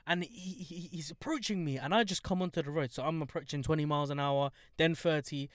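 A man's voice: on the high side, no room sound. Slangy young man telling stories. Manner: animated storytelling, heavy slang. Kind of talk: casual chat.

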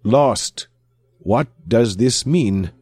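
A man voicing a calm, formal male alien who speaks in measured, stately phrases. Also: medium pitch, breathy edge, no echo, studio quality, pitched above the performer's own voice, heavily acted.

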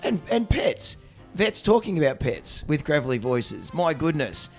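An Australian man co-hosting a podcast as a vet, his voice hoarse and gravelly, rambling and joking with lots of fillers. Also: on the high side, sing-song, unhurried, faint music behind. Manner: rambling, jokey, many fillers. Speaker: podcast co-host, veterinarian. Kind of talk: casual chat.

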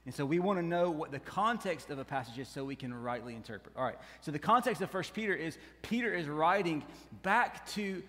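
A man preaching a sermon as pastor, animated, rising and dropping, with frequent questions to the congregation. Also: on the high side, a little fast, long reverb tail. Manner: animated preaching that rises and drops, with asides to the congregation.

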